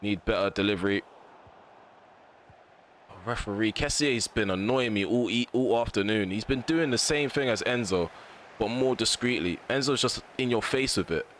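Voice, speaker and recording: Lowish guy ranting over a football game, gets loud and high at the big moments, faint hum behind. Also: normal speed. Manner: frustrated, ranting at players and referee; excitable bursts at chances and goals. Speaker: gaming commentator. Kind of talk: live game commentary.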